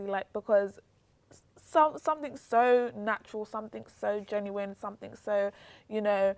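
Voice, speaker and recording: A young British woman, a guest telling a story in casual chat, acting out the voices of the people she quotes. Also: moderate pace. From Britain. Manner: animated, acts out quotes with pitch jumps. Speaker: interview guest.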